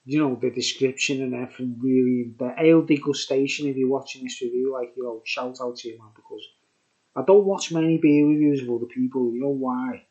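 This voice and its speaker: Birkenhead Scouse bloke, chatty beer vlogger, rambles on, mid-pitched, dull lo-fi sound. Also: male voice, steady tone, a little fast, warm tone. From Birkenhead, England. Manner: rambling, repeats "you know what I mean". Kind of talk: rambling casual vlog chat.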